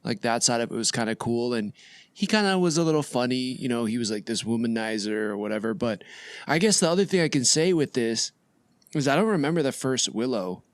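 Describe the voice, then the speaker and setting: A man's voice: mid-range voice, animated, fairly quick, no echo. A man in his thirties co-hosting a casual podcast, easygoing and joking. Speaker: podcast co-host. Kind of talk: casual chat.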